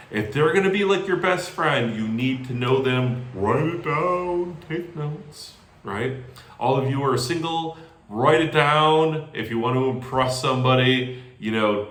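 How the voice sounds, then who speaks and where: A man giving energetic sales call training who often adds "right?" after his points. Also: medium pitch, echoey room, a little hiss or hum. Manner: energetic, animated, tags lines with "right?". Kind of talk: training talk.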